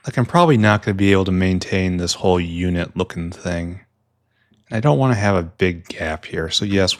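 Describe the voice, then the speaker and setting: A deep-voiced gameplay streamer gives casual let's-play commentary, rambling wryly while playing a video game, frequently talking to himself and trailing off into mutters. The recording is dry with clean studio sound.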